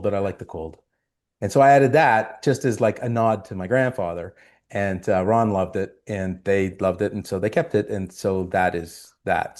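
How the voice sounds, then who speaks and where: Low-voiced man telling animated stories. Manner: animated storyteller, acts out quotes. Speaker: actor guest. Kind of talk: storytelling interview.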